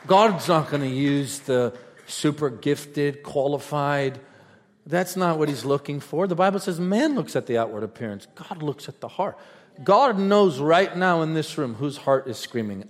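A man's voice: on the high side, expressive, normal speed. Fervent preacher man in a big echoing hall. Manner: storytelling, rising to fervent shouts. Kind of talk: sermon. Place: large event hall. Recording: reverberant large hall.

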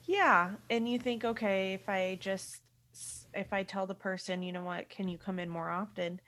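A woman's voice: mid-range voice, fairly even intonation, normal speed, a bit bright. A young woman who works as a dog groomer, chatting casually and acting out quoted dialogue. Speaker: dog groomer, podcast co-host. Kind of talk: casual chat.

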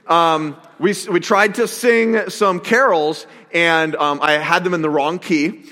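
A man's voice: fairly high pitch, fairly even intonation, slow, hardly any pauses, pushed and bright. A man preaching a sermon, candid and self-mocking, talking about his own faults. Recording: long reverb of a large hall.

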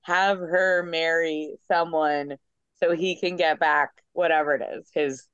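Woman co-host, rambling and laughing, lower voice, dull lo-fi recording. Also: steady tone, measured pace, fairly bright tone, smooth, no room sound. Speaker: podcast co-host. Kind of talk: casual chat. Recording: dull dry lo-fi audio.

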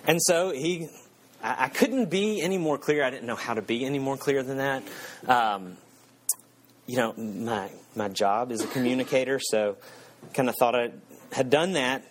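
A man's voice: mid-range voice, moderate pace, a little hiss or hum. A man, preaching a sermon and telling a self-mocking story with frequent chuckles. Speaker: pastor. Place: church.

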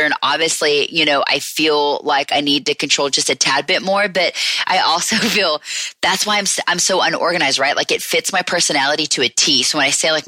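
A woman's voice: deep voice, pushed and bright, no echo. A woman from the American South with a Southern accent, hosting a podcast in a casual, rambling chat full of fillers. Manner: chatty, rambling, many fillers. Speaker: podcast host.

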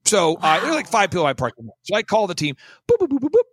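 Emphatic male storyteller, raspy, lively and dry in sound. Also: sits high, dry recording. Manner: emphatic, punchy, quick bursts of mimicry. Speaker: guest speaker. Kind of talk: animated storytelling on a talk show.

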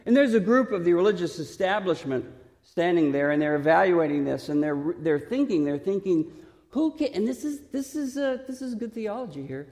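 A man preaching a sermon, originally from Texas, asking the listeners questions and slowing down to stress his points. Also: high voice, lively intonation, a little mellow. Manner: questioning, emphatic, slows for stress. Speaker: pastor. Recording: reverberant hall.

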